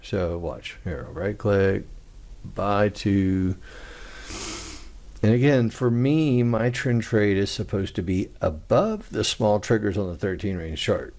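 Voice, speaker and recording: A man's voice: on the low side, animated, slow, darkish tone. A man walking through a day-trading chart in a casual, conversational way, talking through each trade as he goes. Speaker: trading instructor. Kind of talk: screen-share trading walkthrough.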